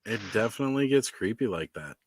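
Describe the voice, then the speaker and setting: A man's voice: on the low side, expressive, quick pace, dry recording. A man hosting a podcast, chatting casually with joking, easygoing banter. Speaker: podcast host. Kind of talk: casual chat.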